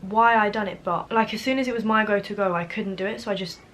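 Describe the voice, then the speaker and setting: A woman's voice: mid-range voice, steady tone, fast, a bit bright, slight background noise. A teenage girl, talking in a rambling, upset way while doing her makeup for a vlog. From London, England. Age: teens. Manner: rambling, upset, filler-heavy. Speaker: beauty vlogger. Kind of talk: casual confessional chat.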